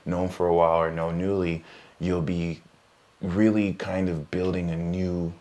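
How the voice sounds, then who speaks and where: A man's voice: low-pitched, flat delivery, measured pace, a little mellow. A man co-hosting a live podcast, reading tarot cards in a casual, joking way and laughing often. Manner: joking, laughs often, trails off mid-sentence. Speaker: podcast co-host, tarot reader.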